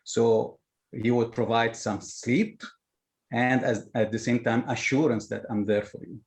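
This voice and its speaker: A man sharing an example on a webinar, hesitant with many pauses and restarts. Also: medium pitch, fairly even intonation, darkish tone. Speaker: webinar participant. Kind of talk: casual sharing on a video call.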